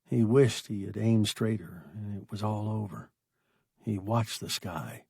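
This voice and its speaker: A man narrating a science fiction story in a dramatic, expressive audiobook reading. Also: on the low side, a little slow, vocal fry, slightly rough, no echo, studio quality.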